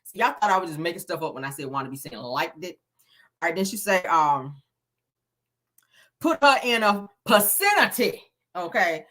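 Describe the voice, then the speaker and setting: A woman's voice: low-pitched, fast talker, a bit bright. A woman hosting a casual gossip show, sassy, laughing a lot and mimicking the people she talks about. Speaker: gossip channel host.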